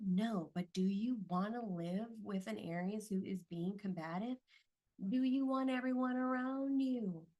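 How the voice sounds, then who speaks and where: Brief: woman, slightly lower register, casual advice monologue, constant "right?" tag questions. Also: darkish tone. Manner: conversational, keeps asking "right?" for agreement. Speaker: astrology content creator.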